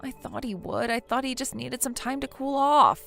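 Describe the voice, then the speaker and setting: A woman's voice: sits high, moderate pace, vocal fry, fairly bright tone, faint music behind. A woman voicing a self-pitying young wife in a text-message story, pleading and defensive. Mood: dejected.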